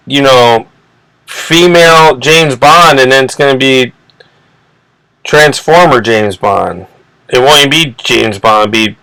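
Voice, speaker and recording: A man rants on his own channel in a profane, rambling way, tripping over repeated words as his indignation builds. His voice sits in an ordinary middle pitch. The sound is dry and close, with no room echo. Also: gravelly, bright, forceful tone. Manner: agitated, indignant. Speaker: channel host. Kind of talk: ranting commentary video.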